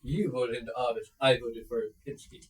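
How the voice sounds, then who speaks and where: A man's voice: mid-range voice, steady tone, moderate pace, echoey room, rough recording. A man playing a tabletop game, teasing the others bluntly and arguing his plans. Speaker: player. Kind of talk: casual tabletop play.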